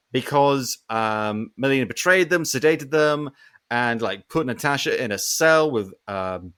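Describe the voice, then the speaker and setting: A man's voice: mid-range voice, fairly bright tone. A man hosting a podcast, ranting animatedly through a casual film review and swearing often. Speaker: podcast host.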